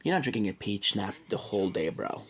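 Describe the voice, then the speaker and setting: A man's voice: lowish voice, animated, fairly quick, husky, poor audio. A man from Quebec, Canada, rambling through a joking, tangent-filled casual monologue and swearing freely. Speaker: streamer.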